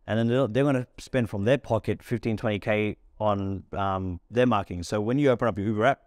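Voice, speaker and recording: An Australian restaurant founder tells stories in a casual podcast interview, acting out bits of dialogue. His voice sits fairly low, the recording has no room sound, and his delivery is rapid and animated.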